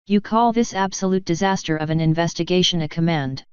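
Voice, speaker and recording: A woman's voice: lowish voice, brisk, a little mellow, smooth, dry recording, lightly acted. A woman voicing a stern, commanding stallion captain who speaks in a clipped, authoritative way. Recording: dry, slightly muffled.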